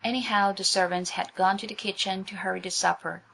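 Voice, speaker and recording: A woman reads a children's story aloud in a clear, even narrating voice. Her pitch sits in a comfortable middle range. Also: fairly quick. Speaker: audiobook narrator.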